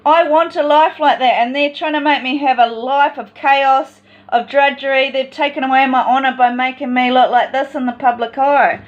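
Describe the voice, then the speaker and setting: A woman's voice: high voice, steady tone, normal speed, hardly any pauses, muffled recording. A woman in a personal vlog monologue, talking in an agitated, rambling and distressed way.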